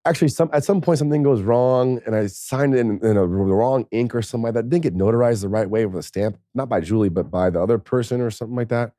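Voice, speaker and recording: A man's voice: medium pitch, quick pace, hardly any pauses, no room sound, clean studio sound. A man, a former pro football player, tells a candid, profane personal story in a podcast interview, and he is tearful at times. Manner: candid and profane, with laughs and soft, choked passages.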